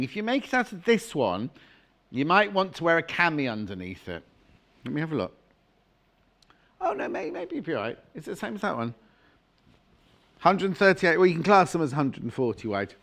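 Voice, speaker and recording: A man's voice: a little high, fairly bright tone. A middle-aged man presenting fabrics on a live home-shopping channel, chatty and gushing with jokey asides.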